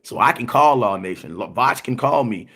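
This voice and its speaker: A man's voice: medium pitch, animated, normal speed, a bit bright. A man in a mid-range voice hosts a sports livestream and rants with force. He repeats his points over and over in slangy talk. He keeps checking in with his viewers and answers their comments as they arrive. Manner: emphatic and repetitive, slangy, often asks "you know what I'm saying". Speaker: sports content creator hosting a livestream. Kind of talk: animated livestream rant.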